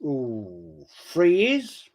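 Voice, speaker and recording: A middle-aged man in casual conversation, soft-spoken and reflective, giving short replies. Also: fairly high pitch, wildly swooping pitch, drawn-out words. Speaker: stream regular.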